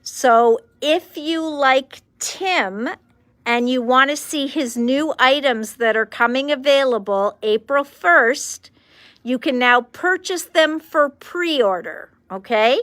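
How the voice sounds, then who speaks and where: Hosting a live shopping stream, a cheerful woman welcomes each viewer by name without hurrying, moving between English and French. Her fairly high, slightly bright voice is captured close and dry, with no echo or room sound.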